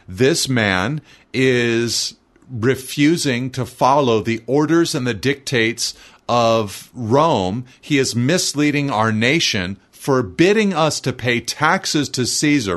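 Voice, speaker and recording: A male preacher works through a scripture passage in a measured, explanatory way. His voice sits at an ordinary middle pitch, and he reads verses aloud before unpacking them for his listeners. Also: lively intonation, a bit bright. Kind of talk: expository sermon.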